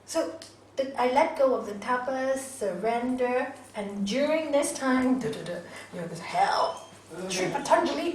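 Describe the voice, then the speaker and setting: A woman's voice: high voice, expressive, a little slow, darkish tone, slight background noise. An older woman teaching a yoga class, chatty and laughing often, telling personal stories and quizzing her students. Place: large hall. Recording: echoey hall from far off, faint ambience.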